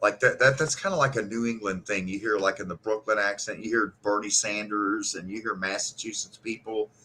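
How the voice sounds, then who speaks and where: A man's voice: on the low side, fairly even intonation, fairly quick, bright, forceful tone, a little hiss or hum. A man hosting a casual podcast chat, playfully imitating regional pronunciations. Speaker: podcast host.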